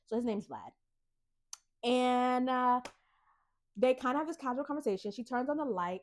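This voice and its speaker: A woman's voice: high-pitched, animated, normal speed, long pauses. A woman co-hosting a casual book chat, retelling a plot with lots of "like" and acting out the characters' lines. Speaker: podcast co-host retelling a book.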